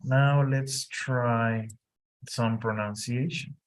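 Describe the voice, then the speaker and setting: A man tutors a single student in English, speaking slowly and deliberately. He repeats each instruction patiently. His pitch sits in a middle range. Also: fairly even intonation. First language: Spanish. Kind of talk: one-on-one lesson coaching.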